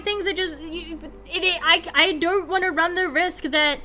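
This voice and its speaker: A young Australian woman chats loosely on a stream while drawing, her voice high and sharp-edged. She rambles, swears freely and jokes at her own expense. Quiet music sits behind her. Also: steady tone, moderate pace, few pauses. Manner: rambling, profane and self-mocking. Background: faint background music.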